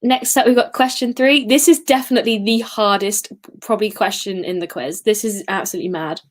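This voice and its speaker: A woman's voice: mid-range voice, fairly quick. A woman hosting a casual live-stream quiz, chatty and giggly, sometimes singing short snippets. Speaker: quiz host.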